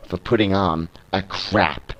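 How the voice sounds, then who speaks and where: British man reading an arrogant, sneering wrestler with a low voice. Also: fairly even intonation, slow, fairly bright tone, heavily acted. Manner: sneering, boastful. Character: smug, arrogant male wrestling contender.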